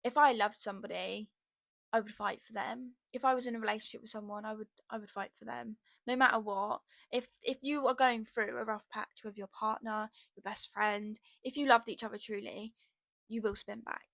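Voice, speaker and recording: A young woman with a fairly high voice rambles through a casual solo podcast, chatty and blunt, dropping swear words freely. She speaks close into a podcast microphone, and the sound is dry with no room echo. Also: fairly even intonation, moderate pace, vocal fry, a bit bright. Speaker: podcast host.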